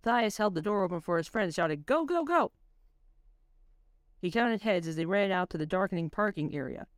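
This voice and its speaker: A woman reading her own spooky story aloud on a voice call, in a measured storytelling manner. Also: fairly low pitch, clear, resonant tone, no echo, studio quality. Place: home voice chat. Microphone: computer mic on a voice call.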